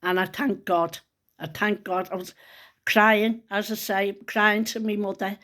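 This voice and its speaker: A woman's voice: medium pitch, little pitch movement, measured pace, fairly bright tone. A middle-aged woman, chatting to camera and telling a personal story in a rambling, earnest way. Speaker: vlogger. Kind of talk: casual chat to camera.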